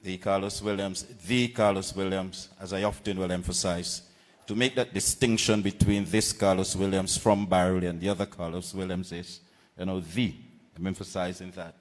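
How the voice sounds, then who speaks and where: A man with a Vincentian accent giving a political rally speech, measured and deliberate with pauses and repetitions. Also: deep voice, level tone, long reverb tail. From Saint Vincent and the Grenadines. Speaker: political candidate. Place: outdoor political rally platform.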